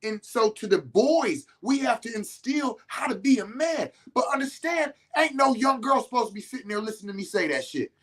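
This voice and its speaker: A middle-aged man hosting a podcast, giving a profane, preachy monologue to male listeners and jumping between calm talk and shouting. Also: extremely high pitch, fairly quick, few pauses. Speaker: podcast host.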